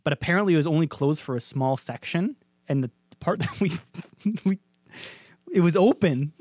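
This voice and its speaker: Animated, laughing young male podcaster. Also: fairly high pitch, moderate pace, dry recording, clean studio sound. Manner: animated storyteller, laughs often. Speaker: podcast co-host. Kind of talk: casual comedic chat.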